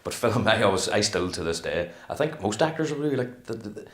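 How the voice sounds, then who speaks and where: A middle-aged man, an actor being interviewed, talking in a casual, animated way and acting out what he would say. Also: lowish voice, fast talker. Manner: animated, rambling, acts out quotes. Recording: echoey room.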